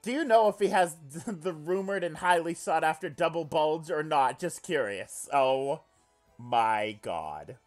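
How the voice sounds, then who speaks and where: Animated, foul-mouthed male streamer reading a game aloud, big swings in pitch, faint music under him. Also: unhurried. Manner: animated, swears often, laughs loudly. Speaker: let's play streamer. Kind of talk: reading a visual novel aloud on stream with commentary.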